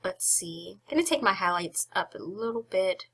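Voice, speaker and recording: A young woman hosting a casual software tutorial. She is chatty and giggly, with self-deprecating asides, and sounds slightly out of breath. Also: medium pitch, expressive, moderate pace, husky. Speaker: photography tutorial host.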